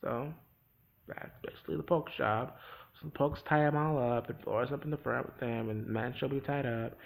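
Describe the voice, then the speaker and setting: Casual male vlogger with a gravelly voice, chatty and rambling, recapping a show. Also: mid-range voice, fairly even intonation, fairly quick, rough recording. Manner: rambling, chatty, with many restarts and acted-out quotes.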